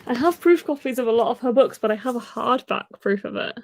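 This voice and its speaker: A chatty woman hosts a relaxed reading livestream, her voice sitting fairly high. She sounds excitable and giggly. She is recorded close and dry, with no room sound. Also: brisk, dry recording. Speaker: host of a reading sprint stream. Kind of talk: casual livestream chat.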